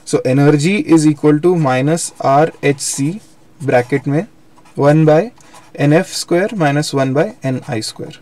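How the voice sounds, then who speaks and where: A man's voice: a little high, mellow. Man teaching physics. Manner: explanatory, repeats and self-corrects. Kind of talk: live online lecture.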